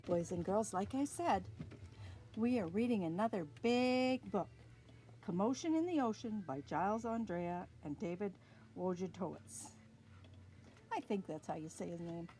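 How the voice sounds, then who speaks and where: A woman with a Canadian accent reading a picture book aloud to young children in a slow, sing-song, expressive way. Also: mid-range voice. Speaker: early years storyteller.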